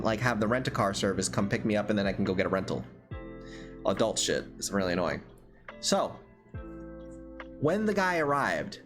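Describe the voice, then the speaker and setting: A young man hosts a livestream and tells a rambling story with a lot of swearing. His pitch jumps around a great deal, and he keeps breaking into laughter. Faint music plays behind him. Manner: laughing often, swearing, animated. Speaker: livestream host. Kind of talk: casual storytelling chat.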